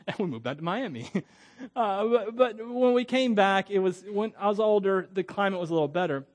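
A man's voice: high-pitched, animated, fairly quick. A man from Florida preaching as a pastor, in a conversational, digressive way with frequent chuckles. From Florida, USA. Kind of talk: sermon.

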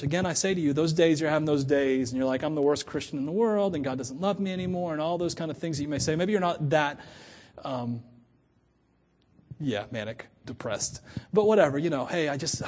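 Preaching to his own church, a middle-aged man who serves as pastor keeps things conversational and animated. He laughs frequently and dramatizes quotes in character voices, speaking on the high side.

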